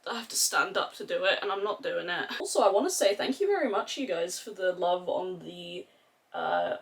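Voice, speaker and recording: A woman's voice: fairly low pitch, lively intonation, normal speed, gravelly, fairly bright tone. A young woman with an accent mixing Australian and English, chatting casually and swearing freely while doing her makeup on camera. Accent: mix of Australian and English. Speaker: beauty vlogger. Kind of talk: casual makeup tutorial chat.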